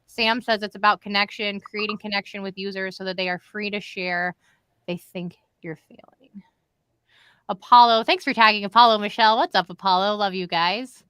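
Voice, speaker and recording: A woman's voice: medium pitch, fairly even intonation, a little fast, hardly any pauses, a bit bright, clean tone, no room sound. A woman hosting a live stream in casual, chatty talk, addressing viewers directly. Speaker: live show host. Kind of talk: casual livestream chat.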